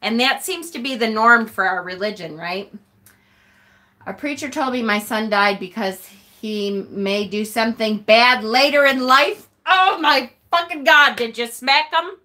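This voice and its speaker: A woman's voice: fairly high pitch, measured pace, bright, forceful tone. A woman hosting a casual tarot live stream, answering viewer comments in a blunt, profane way, often laughing and sighing. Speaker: tarot channel host.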